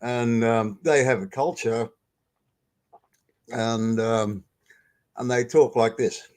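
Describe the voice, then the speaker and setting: A man ad-libbing at an open mic, rambling and halting with many fillers. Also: mid-range voice, fairly even intonation, darkish tone. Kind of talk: casual stand-up ad lib.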